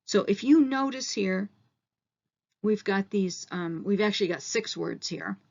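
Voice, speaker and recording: A woman teacher in a recorded online lesson, walking through each point step by step and slowing down on the key terms. Her voice sits at a middle pitch. The audio is slightly dull. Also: expressive, vocal fry.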